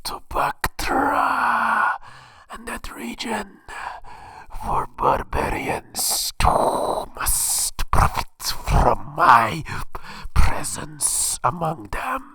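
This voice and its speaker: A man voicing a solemn male snake god oracle in a high, breathy whisper, speaking through a cardboard tube that makes his voice sound hollow. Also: sing-song, drawn-out words, bright, forceful tone, heavily acted.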